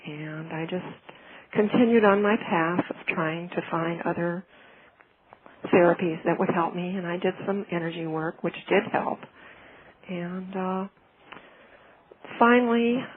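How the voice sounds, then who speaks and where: A client gives an earnest, heartfelt testimonial about her healing, telling it casually while pausing, restarting sentences, and using fillers. Her voice is on the low side, and the audio is lo-fi and phone-like with faint noise.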